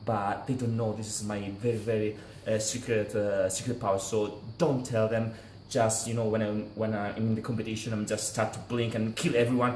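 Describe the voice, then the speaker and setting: A man playing a boastful blinking competitor who claims laser eyes, in excitable broken English, recorded in an echoey room. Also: lowish voice, a little fast, few pauses, slight background noise, natural voice. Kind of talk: mockumentary interview.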